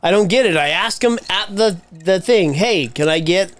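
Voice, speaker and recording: A man's voice: high voice, expressive, normal speed. A man co-hosting a casual podcast, talking bluntly and swearing freely. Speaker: podcast co-host. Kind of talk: casual chat.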